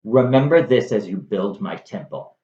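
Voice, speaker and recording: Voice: medium pitch, animated, moderate pace, mellow, echoey room, muffled recording, voice pushed down, close to an everyday voice. A storyteller voicing a cold, commanding god in a retold stage tragedy. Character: cold stern young god.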